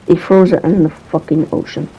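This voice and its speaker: A man's voice: fairly high pitch, fairly even intonation, normal speed, gravelly, husky, lo-fi sound. A man telling a story about his past in a casual, rambling way, hesitant and swearing now and then.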